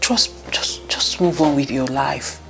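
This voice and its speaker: A woman playing an earnest caring friend in a film, low voice, slow, soft music behind. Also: creaky, in a whisper, heavily acted. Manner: calm, earnest, pleading. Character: caring young woman advising a heartbroken friend. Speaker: friend giving advice. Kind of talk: Nollywood film acting.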